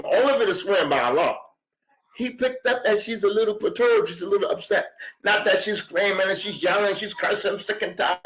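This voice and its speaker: A man gives a religious class lecture in a somewhat high voice. He talks with energy, repeats phrases and acts out what others say. The recording sounds a little dull and muffled. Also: moderate pace. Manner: animated, repeats himself, acts out quotes. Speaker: Arabic teacher.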